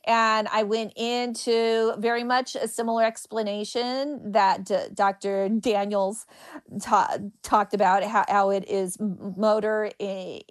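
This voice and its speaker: A woman comedian who stutters, talking openly and jokily in an interview. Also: medium pitch. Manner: stutters, quick and animated, jokey. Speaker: guest comedian. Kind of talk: conversational interview.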